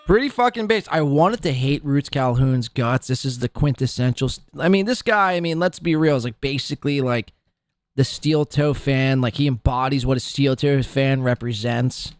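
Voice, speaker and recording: A man's voice: mid-range voice, normal speed, dry recording. A man hosting a podcast in a casual, crude, mocking way, swearing freely. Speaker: podcast host.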